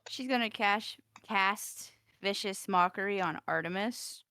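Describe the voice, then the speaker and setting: A woman playing a tabletop game online, playful with quick comebacks. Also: mid-range voice, pushed and bright, smooth, no echo. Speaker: player. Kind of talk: casual tabletop play.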